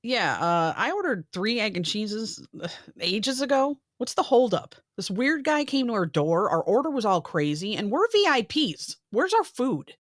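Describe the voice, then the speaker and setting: A woman's voice: fairly high pitch, very animated, moderate pace, no echo, clean studio sound. A woman in a comedy sketch, complaining with whiny impatience. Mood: annoyed.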